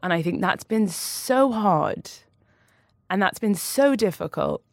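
A woman's voice: mid-range voice, expressive, takes it slowly, vocal fry, no echo, clean studio sound. A woman, an author guest on a podcast, speaking openly and emotionally, laughing between heavy admissions. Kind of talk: candid podcast conversation.

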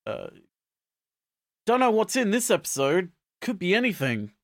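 A man with a lively, bouncing delivery hosts a casual podcast chat and tosses in playful jokes. His voice sits a little high and is recorded close and dry. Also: normal speed, dry recording. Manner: playful, joking asides. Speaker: podcast host.

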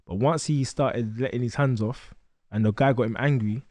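A young man telling a lively story as a podcast guest, acting out the voices of others. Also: medium pitch, normal speed, no room sound. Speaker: guest boxer.

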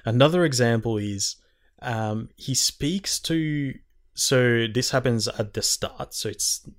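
Animated young man ranting. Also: medium pitch, takes it slowly. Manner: animated, swearing, quoting characters in exaggerated voices. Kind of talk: casual chat.

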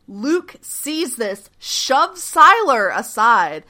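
A woman's voice: high-pitched, drawn-out words. A woman hosting a podcast, casually recapping a TV episode and animatedly acting out quoted lines. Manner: animated retelling, acting out quotes with frequent laughs. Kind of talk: casual chat.

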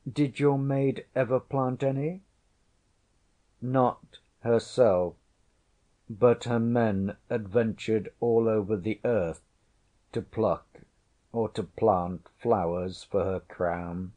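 A man's voice: fairly low pitch, fairly even intonation, takes it slowly, pauses often, dark tone. A man voicing a proud, teasing noblewoman, a disguised queen, with archaic, haughty, wry speech in a storybook reading. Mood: wry, regal. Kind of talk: audiobook character voice.

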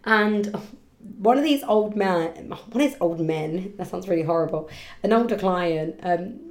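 A woman hosting a casual solo podcast, chatty and rambling, quick to laugh and loud when excited. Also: on the low side. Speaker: podcast host and hairdresser. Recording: roomy echo around the voice.

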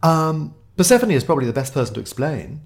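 A man's voice: fairly high pitch, big pitch swings, quick pace, pitched above the performer's own voice. A man doing a chirpy, eager office manager. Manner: chirpy, eager, keeps agreeing. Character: cheerful, breezy male agency manager.

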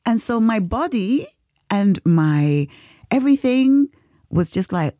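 A woman's voice: medium pitch, big pitch swings, takes it slowly, dark tone, no echo, studio quality. A woman hosting a podcast, telling a personal story in casual chat, laughing often and acting out the voices of others. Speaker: podcast host.

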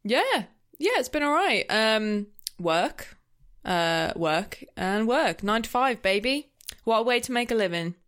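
A woman's voice: a little high, expressive, a little slow, fairly bright tone. A woman co-hosting a podcast, playful and giggly in casual chat. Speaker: podcast co-host.

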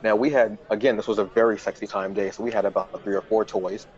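A male podcast host telling a casual, self-mocking story and jumping into high, flustered voices when he quotes himself. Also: steady tone, quick pace, a little mellow, muffled recording.

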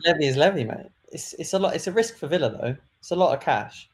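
A man's voice: fairly high pitch, lively intonation, fast. A man guesting on a casual football podcast, with a dry, wry humour.

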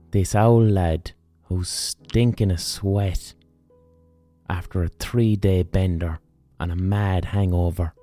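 An Irish man tells an old myth in a loose, colloquial way, swearing freely. His voice is low and very mellow. Faint music plays under him. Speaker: podcast host. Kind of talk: casual storytelling.

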